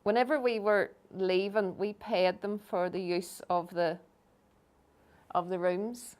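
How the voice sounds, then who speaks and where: A middle-aged woman speaks with a Belfast accent, delivering a public lecture over slides. She tells it as a story and slips into the voices of the people she quotes, at an ordinary, medium pitch. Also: fairly even intonation, slow pace, darkish tone, clean tone. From Northern Ireland.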